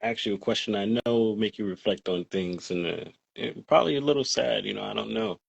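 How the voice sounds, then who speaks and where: A man interviewing an artist, soft-spoken, asking questions and giving short affirmations. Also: fairly low pitch, a little fast, gravelly, slightly rough, dry recording, low-quality recording.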